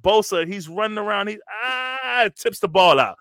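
Casual sports-show host, a man with a bright, forceful voice who tells stories full of slang. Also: sits high, moderate pace, clean tone, dry recording, studio quality. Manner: animated storytelling, slangy, says "bro" constantly. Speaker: podcast host, former college lineman. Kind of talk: casual chat.

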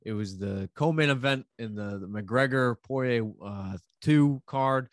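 A man's voice: mid-range voice, measured pace, dry recording. A man co-hosting a casual podcast chat, telling stories in a profane, rambling way. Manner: profane, storytelling with rambling restarts. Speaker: podcast co-host covering MMA betting.

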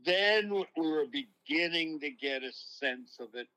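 Older New sportscaster, bright voice. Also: male voice, a little high, expressive, measured pace, poor audio. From New York. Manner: long-winded, reflective storytelling. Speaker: baseball broadcaster, guest. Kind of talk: casual interview, storytelling.

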